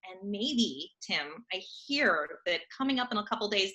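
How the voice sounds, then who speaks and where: A bright, chatty woman in her thirties talks about her children's theater work. Her voice stays clear and forward while she bounces through her points with frequent laughs. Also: mid-range voice, moderate pace. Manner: chatty and animated, laughing often. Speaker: children's theater company guest. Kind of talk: casual remote interview chat.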